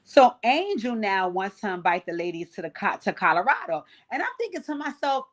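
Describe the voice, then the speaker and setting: A woman's voice: medium pitch, very animated, a little fast, hardly any pauses. Blunt, profane woman recapping reality TV. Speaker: host. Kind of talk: casual reality TV recap on a livestream.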